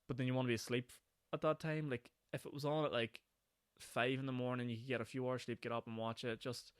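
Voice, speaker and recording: A young Northern Irish man hosting his own podcast, talking fast and rambling from one thing to the next with frequent laughs. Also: medium pitch, clear, resonant tone, no room sound, studio quality. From Northern Ireland. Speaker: podcast host. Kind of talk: casual solo podcast chat. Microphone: podcast microphone.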